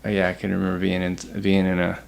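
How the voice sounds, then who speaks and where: A man talking casually as a podcast guest, reflective and halting, restarting his sentences often. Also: sits low, monotone, vocal fry, darkish tone, clear, resonant tone. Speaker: podcast guest, host's partner. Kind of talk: casual conversation.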